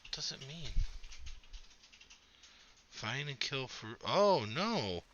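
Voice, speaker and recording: A man's voice: medium pitch, sing-song, slow, muffled recording, background noise. A man streaming a game, chatting casually and swearing freely as he explains his setup at length. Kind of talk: casual gameplay chat.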